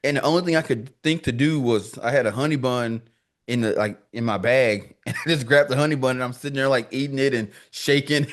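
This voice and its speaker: A man with a mid-range voice speaks a little fast while guesting on a podcast. He's relaxed and slangy, telling stories with energy and performing the lines he quotes.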